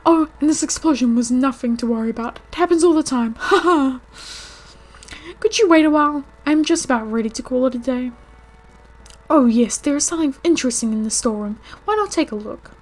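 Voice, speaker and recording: Une femme lisant un vieil inventeur excentrique. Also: female voice, sits high, brisk, a little mellow. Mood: cheerful. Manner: reads lines in her own voice. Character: eccentric older male inventor tinkering with machines.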